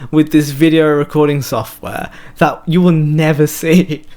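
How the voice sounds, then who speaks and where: A man's voice: on the high side, steady tone, darkish tone. A young man in his twenties with a British accent, co-hosting a podcast in casual, self-mocking banter. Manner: quick, joking, self-mocking. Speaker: podcast co-host. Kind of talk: casual chat.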